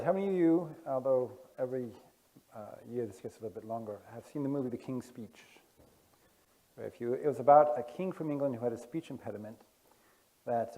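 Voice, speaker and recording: A man with a gravelly, creaky voice talks casually to a conference audience. He speaks haltingly, stopping often on fillers and restarting his sentences. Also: mid-range voice, warm tone. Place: conference room. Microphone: wearing headphones with a masking device.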